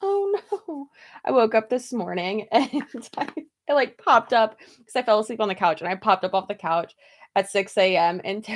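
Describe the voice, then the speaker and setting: A young woman chatting casually while getting ready for her day, rambling and laughing often. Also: medium pitch. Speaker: beauty vlogger. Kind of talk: casual get-ready-with-me chat.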